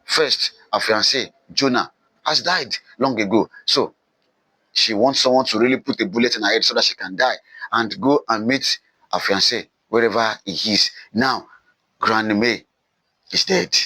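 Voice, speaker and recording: A man teaching literature, retelling a novel's plot in an animated way and repeating phrases for emphasis. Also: lowish voice, moderate pace, husky, dry recording, poor audio. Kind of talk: novel summary lecture.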